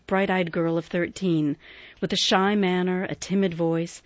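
A woman reading a classic novel aloud as audiobook narrator, measured and expressive. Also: lowish voice, no echo, highs cut off.

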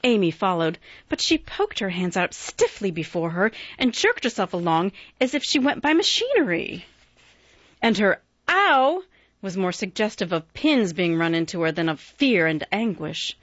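A woman reading a classic novel aloud as audiobook narrator, measured and expressive. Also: lowish voice, no echo, lo-fi sound.

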